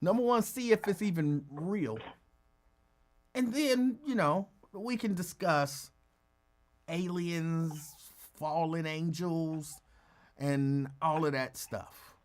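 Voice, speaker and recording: A man hosting a casual podcast, talking in a laid-back conversational way and answering a listener's comment. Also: slow pace. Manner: laid-back, conversational, lively pitch, playful voices for a dog. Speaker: podcast host.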